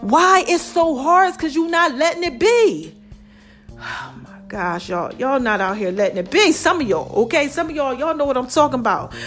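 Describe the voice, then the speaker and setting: High-voiced woman podcast host, preachy. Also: normal speed, soft background music. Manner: lively, preachy, calls listeners baby and y'all. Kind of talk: casual motivational talk.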